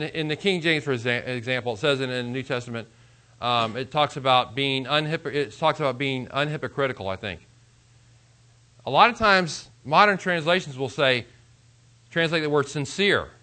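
A pastor teaching a Bible class in a conversational lecture style, repeating himself, restarting phrases and chuckling now and then. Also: male voice, a little high, bright, forceful tone.

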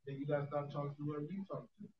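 A man's voice: a little high, racing. A man chatting casually on a podcast, blunt and candid about his views. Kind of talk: casual chat. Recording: lo-fi audio.

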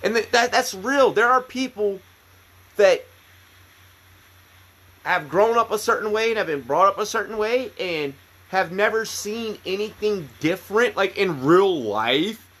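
A man's voice: high-pitched, expressive, a little slow, a bit bright. A man in his thirties from the United States, a veteran podcast co-host telling stories in a rambling, profane way with lots of restarts. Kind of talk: casual chat, storytelling.

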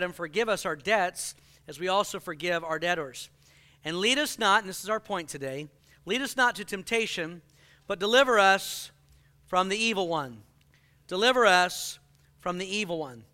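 Animated, bright-voiced male pastor preaching. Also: sits high, smooth. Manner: animated, joking, acts out quoted people. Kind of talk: sermon.

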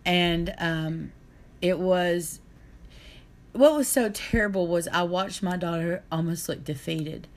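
A woman's voice: lowish voice, slow. A middle-aged woman, telling a painful story in an earnest, aggrieved way. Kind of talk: casual chat.

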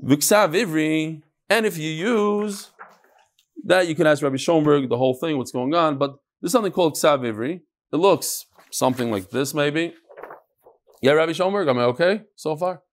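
A man teaching a Talmud class, asking and answering his own questions in an animated, rhetorical way. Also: fairly high pitch, normal speed.

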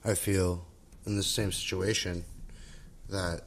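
A man with a fairly low voice talks through feelings in a casual two-person chat. He reflects out loud, circles back on his points and keeps checking in with "right?" as he goes. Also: flat delivery, slow pace. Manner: reflective, circling, many restarts and "right?" tags. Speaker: podcast co-host. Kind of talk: casual conversation about relationships and therapy skills.

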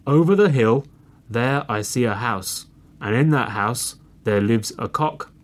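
A man voicing a big bad fox in a storybook, gruff, loud and scheming. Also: mid-range voice, measured pace, natural voice. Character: big bad greedy male fox, father.

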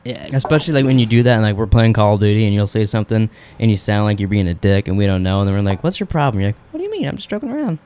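A young man co-hosting a podcast, rapidly retelling an episode and acting out the characters' lines, swearing freely. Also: fairly low pitch, darkish tone, slight background noise. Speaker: podcast co-host. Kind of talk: casual chat recapping a TV episode.

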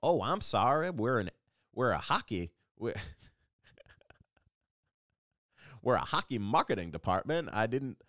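A man's voice: medium pitch, very animated, slow, long pauses, a bit bright, no room sound, clean studio sound. A man voicing a flustered male sports marketing staffer who stammers defensively through an apology.

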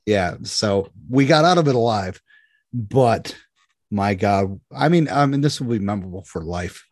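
Man, low-pitched voice, casual storytelling, animated, dry close sound. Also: a little slow, no room sound. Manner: animated, acts out dialogue in anecdotes.

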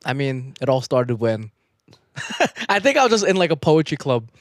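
Young man, podcast co-host, casual chat, bouncy pitch, dry close sound. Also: normal speed, no echo. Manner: laughs often, animated slam-poem delivery.

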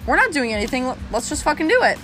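Animated young woman telling a story. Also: high voice, racing, a little hiss or hum. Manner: animated, swearing, laughing often. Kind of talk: casual storytelling chat.

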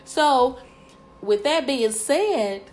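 A woman's voice: high-pitched, expressive, drawn-out words. A woman in her forties talking as a co-host, earnest and emphatic, repeating words and using many fillers. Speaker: co-host, cheer coach and mother. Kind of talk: casual podcast discussion.

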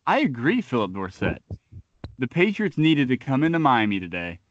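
A man's voice: mid-range voice, huge pitch swings, moderate pace, no echo. Riffing man on a dull dry mic. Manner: riffing, trash-talking, long comic analogies. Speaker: podcast co-host. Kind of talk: animated sports talk.

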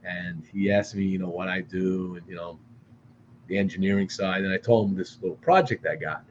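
A man from the Boston area, a podcast guest telling a long story in an animated, profane way with frequent restarts. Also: low voice, moderate pace, highs cut off, a little hiss or hum. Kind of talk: casual storytelling. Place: studio.

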